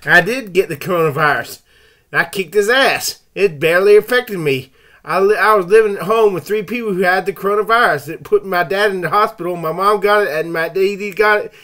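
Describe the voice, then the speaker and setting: A man's voice: high voice, a little fast, sharp tone, poor audio. A man vlogging in a crude, rambling, profane rant with angry, taunting outbursts and frequent restarts.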